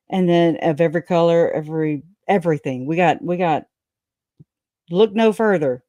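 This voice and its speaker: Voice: mid-range voice, a little slow, long pauses, warm tone, no echo. Chatty livestream host, dry sound. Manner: chatty, laughs often, breaks off to talk to chat; loose, folksy speech with many restarts. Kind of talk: casual livestream commentary, reading aloud.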